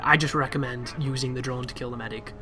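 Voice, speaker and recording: A man's voice: medium pitch, quick pace, over music. A man giving casual walkthrough commentary over gameplay, chatty and prone to exasperated asides. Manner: chatty, with exasperated, animated asides about the game.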